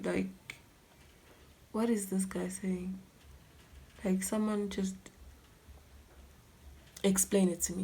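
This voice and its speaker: A woman with a South African accent, telling a dramatic story time while doing her makeup, often dropping to a soft near-whisper. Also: mid-range voice, creaky. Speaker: YouTuber.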